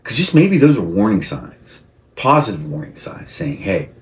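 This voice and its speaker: Low-voiced man ranting, gets heated. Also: very animated, moderate pace. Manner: rambling, gets heated and shouty; frequent restarts and repeated words. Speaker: vlogger. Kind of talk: personal monologue to camera.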